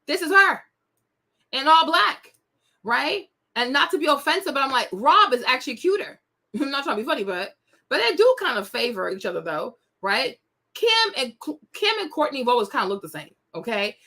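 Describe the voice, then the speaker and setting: Woman, gossip host, indignant and sassy, high-pitched, bright tone. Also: big pitch swings, moderate pace. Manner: sassy, indignant, talks straight to viewers. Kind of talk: casual celebrity gossip commentary.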